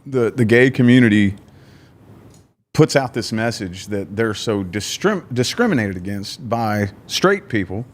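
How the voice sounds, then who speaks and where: A man hosting a podcast, telling stories in a casual, indignant, animated way. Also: on the low side, unhurried. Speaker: podcast host.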